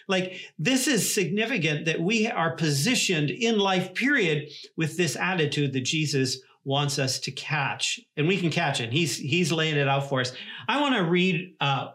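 A man's voice: fairly high pitch, lively intonation, measured pace, fairly bright tone. A male pastor preaching a sermon in an earnest way, often repeating words and restarting his sentences.

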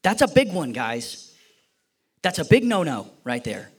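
Slightly high with a breathy edge, this man's sing-song voice keeps a measured pace. He is a pastor giving a sermon, recounting a personal story and performing its characters' voices in a playful way.

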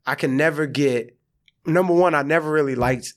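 Male comic guest, raised in the South, fairly high voice, lively slangy storytelling. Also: normal speed. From American South. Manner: animated storyteller acting out quotes, slangy. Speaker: podcast guest, actor and comedian. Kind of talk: casual storytelling chat.

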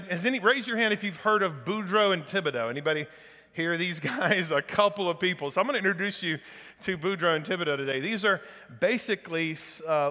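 Folksy preacher guy, high bright voice, big echoey hall. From northeast Louisiana. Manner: casual, folksy, enthusiastic. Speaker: guest pastor. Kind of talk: sermon with humor. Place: church sanctuary.

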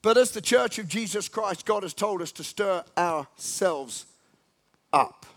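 A man preaches a sermon in a high-sitting, expressive voice at an unhurried pace. He exhorts the congregation in emphatic, repetitive bursts, jumping from quiet talk to loud rallying cries.

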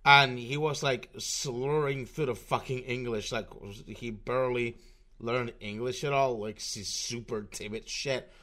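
A man's voice: medium pitch, steady tone, measured pace, bright, forceful tone. A young man ranting through online commentary over a screen recording, profane and sarcastic, often restarting his sentences.

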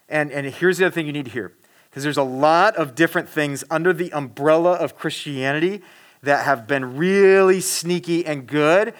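High-voiced man preaching casually. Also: fairly bright tone. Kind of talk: casual sermon.

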